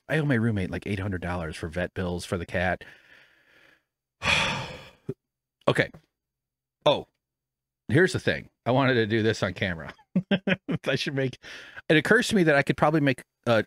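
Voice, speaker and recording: A man's voice: mid-range voice, a bit bright, no room sound. A man hosting a podcast from a home studio, talking in a rambling, self-deprecating way and swearing freely. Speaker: podcast host. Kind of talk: casual rambling chat. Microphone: studio microphone with headphones.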